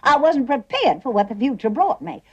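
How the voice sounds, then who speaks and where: This stage performance has an actress voicing a middle-aged Southern belle mother, faded and chattering, speaking with an American Southern accent in a gushing, theatrical manner punctuated by breathy laughs. She sounds high and very animated at normal speed, and the audio has its highs cut off.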